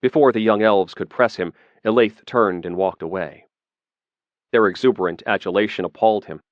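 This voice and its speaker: A man narrating a fantasy audiobook in a measured, steady reading. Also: on the low side, no echo, muffled recording.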